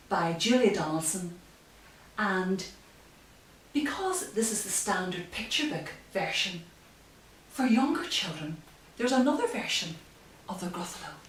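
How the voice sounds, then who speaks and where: A woman community librarian reading a children's story aloud in an expressive storytelling manner. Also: medium pitch, distant mic, a little hiss or hum. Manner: slow, lively, expressive storytelling. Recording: echoey room, voice from off-mic.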